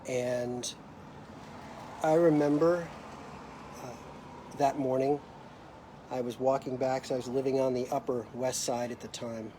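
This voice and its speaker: A middle-aged American man speaks into a phone or webcam on a live stream, reflective and hesitant, pausing often and restarting his sentences. His voice is mellow and warm, sitting at an ordinary pitch. A faint hiss of noise runs under the recording. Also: level tone. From United States. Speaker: host of a live video. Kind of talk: casual personal storytelling.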